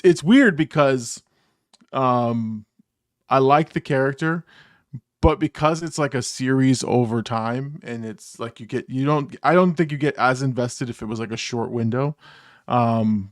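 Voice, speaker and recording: A man's voice: mid-range voice, no room sound, studio quality. Rambling man in casual reaction chat. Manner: rambling, many restarts and fillers. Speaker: co-host of a reaction show.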